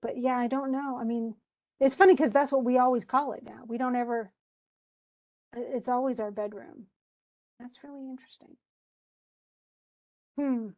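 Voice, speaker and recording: A woman's voice: fairly high pitch, steady tone, normal speed, long pauses, darkish tone, lo-fi sound. A woman teacher giving an informal, chatty lesson. She digresses and paraphrases old text into plain everyday words. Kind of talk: informal lesson explaining a play.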